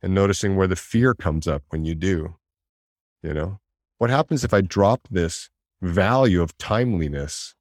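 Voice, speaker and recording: A man talking in a reflective conversation, animated, acting out inner voices and laughing often. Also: low voice, moderate pace, no echo, studio quality.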